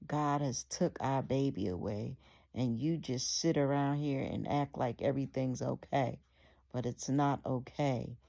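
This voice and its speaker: A man's voice: medium pitch, a little slow, vocal fry. Angry grieving husband, read by a woman. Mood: bitter. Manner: bitter, shouting in rage. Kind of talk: read-aloud storytelling.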